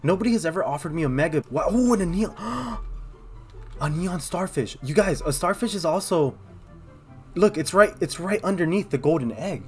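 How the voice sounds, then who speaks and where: A young man giving excitable, casual commentary on his own gameplay, thinking aloud and talking straight to his viewers. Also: fairly high pitch, a little fast, soft background music. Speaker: gaming video host.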